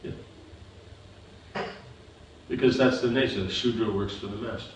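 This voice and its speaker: A male spiritual teacher explains scripture a little slowly, his fairly low voice holding a fairly even intonation. He patiently checks again and again that listeners grasp the material, while the distant recording echoes and carries background noise.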